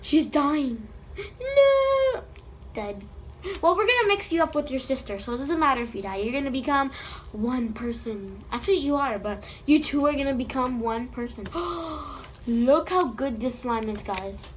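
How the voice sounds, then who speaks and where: A woman's voice: high-pitched, expressive, moderate pace, a little hiss or hum. A woman making a slime vlog, playfully chatting to the slime as if it were alive, recorded on a phone. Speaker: slime video creator.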